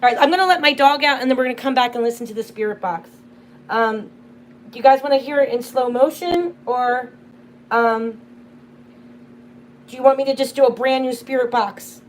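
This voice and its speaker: A young woman with a fairly high voice chats casually on a home livestream. She tells stories loosely, with plenty of fillers. A faint hum of room noise sits under her voice. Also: moderate pace, pauses often. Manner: chatty storytelling, full of "like". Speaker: livestream host.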